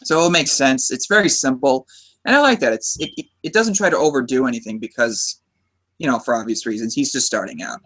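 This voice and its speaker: A man's voice: mid-range voice, animated, brisk, fairly bright tone. Enthusiastic American man hosting a podcast. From United States. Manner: chatty, enthusiastic, many restarts. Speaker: podcast host. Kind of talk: casual movie discussion.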